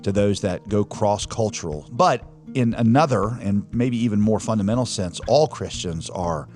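A male pastor talking casually, relaxed, with fillers and small restarts. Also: on the low side, moderate pace, soft background music. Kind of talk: casual studio chat.

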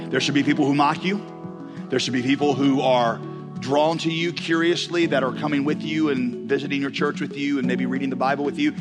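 Emphatic man preaching in a big hall. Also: medium pitch. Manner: emphatic, rhetorical questions, repetition. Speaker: pastor. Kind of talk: sermon. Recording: reverberant hall recording.

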